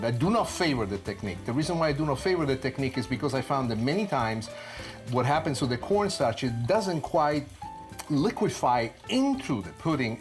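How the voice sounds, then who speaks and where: A man in his sixties with an Italian accent, hosting a cooking show and explaining a dessert in an expressive, storytelling way. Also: medium pitch. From Sicily, Italy. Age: 60s. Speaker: TV chef host.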